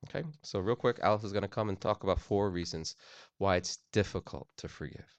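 A man delivers a sermon in a low, deep voice, earnest and conversational, repeating and restarting phrases. The sound is dry, with little room in it. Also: brisk, no echo. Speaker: pastor. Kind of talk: sermon on forgiveness.

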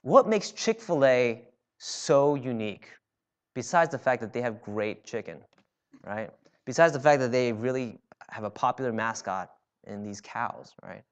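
A man's voice: medium pitch, animated, measured pace, clear, resonant tone. Conversational male preacher. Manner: conversational with frequent "right?" asides. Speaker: pastor. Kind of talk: sermon.

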